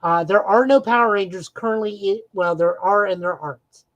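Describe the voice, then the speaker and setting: A woman's voice: mid-range voice, moderate pace, dry recording, dull audio. A woman co-hosting a podcast, eagerly recapping comic book plots in a casual chat with frequent "uh"s. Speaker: podcast co-host.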